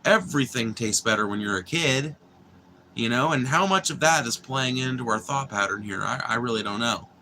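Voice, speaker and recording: Brief: young guy, livestream host, loose profane chatter, bright voice. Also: medium pitch, moderate pace, slight background noise. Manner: profane, meandering, restarts and filler words. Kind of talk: casual rambling chat.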